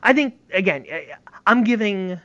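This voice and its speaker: A man's voice: high voice, expressive, normal speed, pushed and bright. A man talking baseball in a casual, emphatic and opinionated way. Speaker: baseball analyst. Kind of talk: casual sports talk. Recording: slightly dull lo-fi audio.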